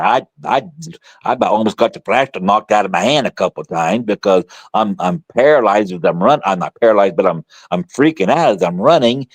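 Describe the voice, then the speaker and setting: Lively-voiced man telling a story. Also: fairly low pitch, dry recording. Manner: animated, colloquial, frequent restarts, acts out quoted voices. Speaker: guest author. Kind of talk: casual storytelling in conversation.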